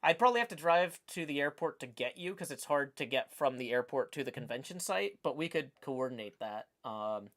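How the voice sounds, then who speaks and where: A man's voice: mid-range voice, lively intonation, brisk, hardly any pauses, a bit bright. A man with a Southern US accent chatting casually on his livestream as host, rambling with lots of fillers. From Tennessee. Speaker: streamer host.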